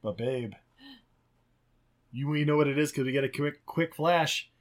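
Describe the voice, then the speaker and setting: A man's voice: a little high, measured pace. A man co-hosting a podcast, casually recapping a movie in a rambling, profane way, laughing often. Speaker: podcast co-host.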